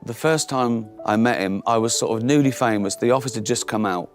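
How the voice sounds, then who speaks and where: A man's voice: mid-range voice, fairly quick, soft background music. A middle-aged comedian telling anecdotes in casual chat, laughing often and mimicking the people in his stories. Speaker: comedian guest.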